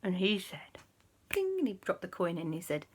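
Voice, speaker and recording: A woman narrating a children's story, animated and acting out sound effects. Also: lowish voice, fast, slightly rough.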